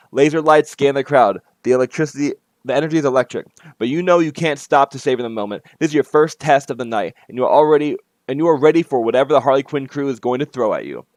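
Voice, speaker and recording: Brief: a chatty man narrating a game, mid-pitch, dry close sound. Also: no room sound. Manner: casual, chatty asides and self-corrections. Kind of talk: reading a self-made game aloud.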